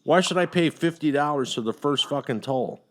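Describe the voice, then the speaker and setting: A middle-aged man hosting a casual podcast chat, telling a long story with heavy profanity and animated outbursts. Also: on the high side, moderate pace. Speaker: podcast host.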